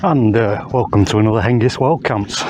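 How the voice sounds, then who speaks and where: A man's voice: on the low side, normal speed, background noise. A man vlogging casually while hiking uphill outdoors, chatty and self-mocking, a bit out of breath. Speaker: wild camping vlogger. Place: outdoors on hillside moorland.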